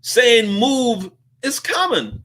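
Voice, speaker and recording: Bright-voiced animated male host. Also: very high-pitched, very slow. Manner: animated storyteller, often laughing. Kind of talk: casual commentary.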